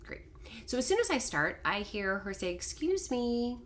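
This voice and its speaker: A middle-aged woman telling a personal story to camera in a casual, animated, self-deprecating way. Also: medium pitch, moderate pace, slight background noise. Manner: animated, self-deprecating, quotes others in dialogue. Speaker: vlogger telling a life story.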